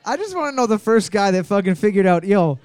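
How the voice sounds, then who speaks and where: A man's voice: high voice, big pitch swings, fast talker, darkish tone, clear, resonant tone, no echo. A man hosting a casual trivia quiz, joking, swearing freely and reading each question twice. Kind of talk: casual comedic banter.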